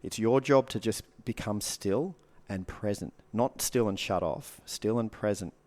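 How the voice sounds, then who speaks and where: Earnest low-voiced man coaching. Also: measured pace, darkish tone. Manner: earnest, repetitive advice with short punchy phrases. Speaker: guest coach. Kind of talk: casual podcast conversation.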